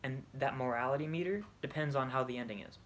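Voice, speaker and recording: A video creator casually retells a video game's story, rambling and restarting to correct himself as he goes. He's a man with a medium-pitched voice who talks fast.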